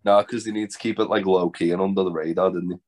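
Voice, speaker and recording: Man, podcast co-host, low deep voice, dry teasing, casual swearing. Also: fairly even intonation, quick pace, a little mellow. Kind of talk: casual banter.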